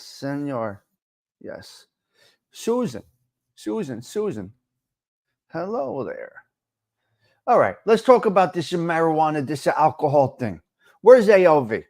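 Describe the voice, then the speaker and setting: A man's voice: fairly high pitch, a little mellow. A man hosting a casual live-stream talk show, chatting loosely, rambling in asides and greeting viewers by name. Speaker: livestream talk show host.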